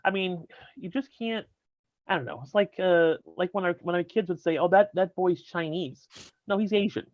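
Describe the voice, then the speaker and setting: A man's voice: high-pitched, a little fast, no room sound. A man co-hosting an internet radio show, chatting casually and rambling with frequent restarts. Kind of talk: casual chat. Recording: slightly dull dry sound.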